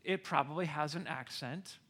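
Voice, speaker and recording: A middle-aged American man preaching a sermon, telling a personal story with animated, excited bursts. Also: a little high, moderate pace, slightly rough. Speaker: pastor.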